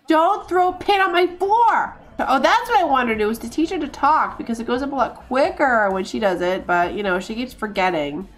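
A woman streamer giving excitable, laughing, exasperated commentary while playing a life-sim game. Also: high voice, moderate pace, few pauses, soft background music. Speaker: gaming streamer. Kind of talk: casual gameplay commentary.

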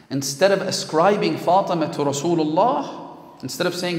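Impassioned preacher in an echoey hall. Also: male voice, high-pitched, moderate pace. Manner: impassioned storytelling, rising to emphatic peaks. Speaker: religious lecturer. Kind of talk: sermon. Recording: echoey hall with long reverb.

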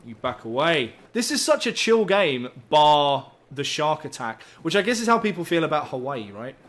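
A man's voice: on the high side, very animated, moderate pace, fairly bright tone. A man commentating a survival game as he plays, rambling and joking, swearing freely and yelping when startled. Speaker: gaming YouTuber. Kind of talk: let's play commentary.

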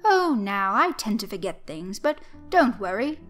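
A woman's voice: medium pitch, sing-song, a little slow, fairly bright tone, faint music behind. A woman voicing an old man who acts out a forgetful, feeble priest in a comedy skit. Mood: doddering. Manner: vague, forgetful, put-on feeble. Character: doddering old man mocking a senile priest.

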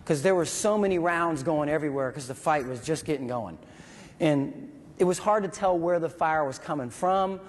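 A veteran speaker, a man with a fairly high voice, tells a vivid story at normal speed, acting out sounds and voices. A long reverb trails his words as though he's in a large hall.

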